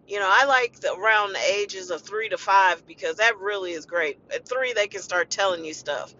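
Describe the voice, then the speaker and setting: A woman's voice: medium pitch, moderate pace, sharp tone, slight background noise. A woman caregiver talking in a blunt, emotional monologue, venting with profanity as a podcast host. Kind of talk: impassioned personal monologue. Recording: dull lo-fi recording.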